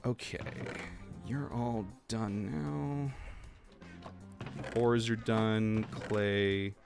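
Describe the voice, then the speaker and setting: A man chatting casually while live-streaming a game, talking to viewers and laughing softly. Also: lowish voice, drawn-out words, creaky, music in the background. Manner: chatty, animated, soft laughs. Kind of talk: casual livestream gameplay chat.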